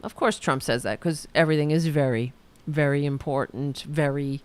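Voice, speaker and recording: A woman's voice: moderate pace, clean tone. A woman hosting a political talk show, reading a news article aloud and breaking off into sarcastic asides. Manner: sarcastic asides while reading, lively pitch. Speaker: political podcast host.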